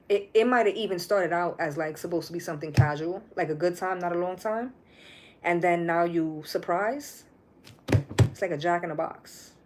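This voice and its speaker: A woman's voice: lowish voice, a little hiss or hum. Blunt, profane woman reading tarot. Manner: blunt, profane, animated, repeats phrases. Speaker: tarot reader. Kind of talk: casual live tarot reading.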